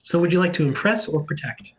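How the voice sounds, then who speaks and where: A man's voice: a little high, expressive, fast. A man running a tabletop game as game master, narrating with loose, rambling phrasing and frequent restarts and laughter.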